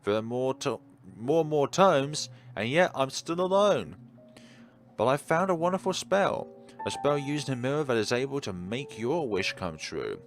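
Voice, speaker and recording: A man voicing a lonely, dreamy young girl with a dark streak, reading the game text in a wistful sing-song way. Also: mid-range voice, lively intonation, normal speed, soft background music, pitched above the performer's own voice, close to an everyday voice. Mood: eerie.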